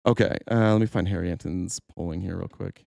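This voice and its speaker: A man's voice: low-pitched, steady tone, a little fast, gravelly, a little mellow, dry recording, clean studio sound. A man streaming political commentary on YouTube, sarcastic and heated, rambling and swearing as he argues with his chat. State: openly angry. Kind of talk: casual live-stream commentary.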